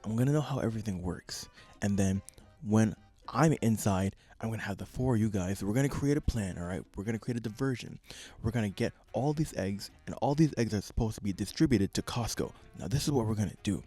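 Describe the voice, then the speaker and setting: A man's voice: lowish voice, a little fast, dark tone, slightly rough, soft background music. A young man co-hosting a podcast in casual chat, playfully spinning ideas aloud. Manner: playful, spins schemes aloud. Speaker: podcast co-host.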